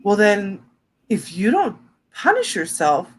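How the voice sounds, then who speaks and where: A woman co-hosting a casual podcast, telling personal stories frankly in a rambling, animated way. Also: mid-range voice, slow pace, breathy edge. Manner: frank storyteller, rambling, animated when quoting. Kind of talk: casual chat.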